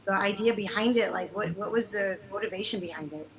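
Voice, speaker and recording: A woman's voice: medium pitch, a little fast, crowd noise, rough recording. A woman, a co-host, asking a guest a question on a video call in a hesitant way with many ums and likes. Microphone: video call from a computer.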